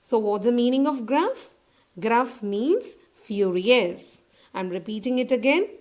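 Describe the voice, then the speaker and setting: A woman teacher explaining a story to a class, asking questions and answering them herself, repeating key words slowly. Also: a little high, lively intonation, darkish tone. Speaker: English teacher.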